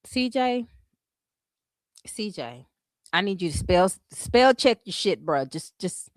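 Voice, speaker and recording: A woman's voice: mid-range voice, dry recording. A woman hosting a casual reaction stream, giving blunt, sassy commentary full of profanity and mocking asides.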